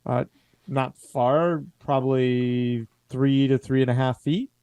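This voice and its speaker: A man running a tabletop game as game master, describing the action in a measured way. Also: mid-range voice, steady tone, dark tone, clear, resonant tone, dry recording.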